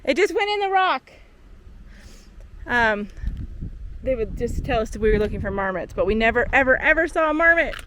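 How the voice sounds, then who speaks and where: A woman from Vancouver Island talks casually to a handheld camera out on a mountain trail. She is tired but chatty and easily excited, and her voice sits slightly high. Faint background noise runs under her voice. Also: moderate pace, long pauses. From Vancouver Island, Canada. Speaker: long-distance hiker vlogging.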